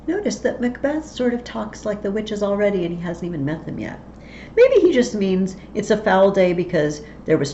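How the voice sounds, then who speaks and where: A woman's voice: lowish voice, darkish tone, slight background noise. A woman explaining a play to students in a casual, chatty way, paraphrasing lines in slang, from a slightly dull recording. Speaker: teacher.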